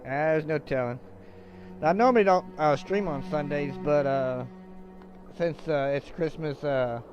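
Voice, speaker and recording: Male streamer, mid-pitched, reads game dialogue aloud with casual asides over game music. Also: lo-fi sound. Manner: loose, joking asides between read lines. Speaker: livestreamer.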